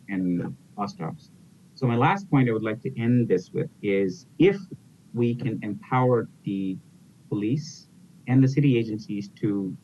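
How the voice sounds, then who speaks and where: Man, public testimony, hesitant, many fillers, muffled recording. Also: a little mellow. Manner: halting, many fillers and restarts. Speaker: public witness at a council hearing. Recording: muffled, lo-fi hearing audio with faint rumble.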